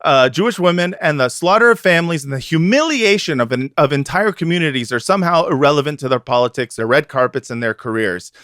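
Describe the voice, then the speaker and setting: A man's voice: on the high side, animated, quick pace, few pauses, fairly bright tone, no room sound, studio quality. Sarcastic man reading aloud dramatically. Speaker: podcast co-host. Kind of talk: casual chat, reading an article aloud mockingly.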